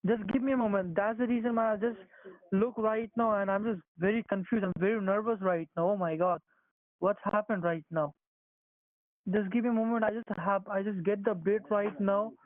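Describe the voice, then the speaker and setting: Man on the phone, high voice, dry sound, insistent, repeats himself, broken English. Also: fairly even intonation, brisk, no room sound, narrow, tinny audio. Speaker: phone scammer. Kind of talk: phone call.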